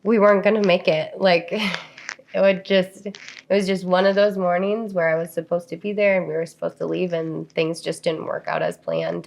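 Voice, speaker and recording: Gravelly-voiced woman speaking candidly. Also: lowish voice. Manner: candid and reflective, many filler likes. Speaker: podcast co-host. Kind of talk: casual chat, personal storytelling.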